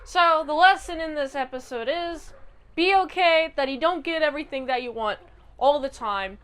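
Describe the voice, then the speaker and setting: A woman with a high voice recaps an old TV episode in a chatty, animated way. She adds her own sound effects as she goes. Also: moderate pace. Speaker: channel host reviewing a TV episode.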